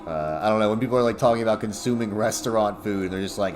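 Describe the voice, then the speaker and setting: A man's voice: on the low side, fast, a little mellow. A young man chatting casually and profanely on a livestream, rambling and laughing often. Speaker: streamer. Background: music playing.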